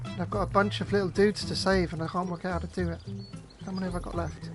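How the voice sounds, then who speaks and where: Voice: medium pitch, little pitch movement, fast, music in the background. Sleepy streamer rambling hesitantly. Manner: hesitant and rambling, often restarting. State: sleepy, yawning. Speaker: streamer playing a puzzle game. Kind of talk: casual let's-play commentary.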